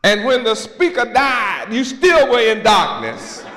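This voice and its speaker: A high-pitched male preacher delivers a dramatic sermon, swinging from shouts to low murmurs and acting out little scenes. He speaks slowly, with a wide, lively pitch range. The recording is roomy, with a long hall reverb.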